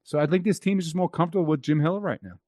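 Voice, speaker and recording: A man's voice: fairly high pitch, racing, darkish tone, no room sound, clean studio sound. A man talking as a guest on a hockey podcast, rattling on with repeated and restarted phrases. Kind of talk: casual podcast chat.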